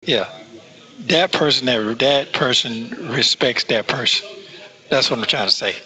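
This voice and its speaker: A man's voice: medium pitch, measured pace, bright, forceful tone, low-quality recording. A man in casual conversation, rambling and repeatedly checking that he is understood.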